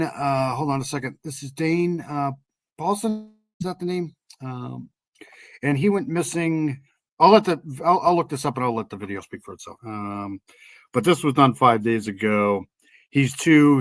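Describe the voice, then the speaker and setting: An older man with a New England accent chats loosely to his live audience, stalling with ums and self-corrections. His voice sits at an ordinary pitch and sounds close and dry on the mic. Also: dry recording. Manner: rambling, many ums and restarts. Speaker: true crime livestream host. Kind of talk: casual livestream chat.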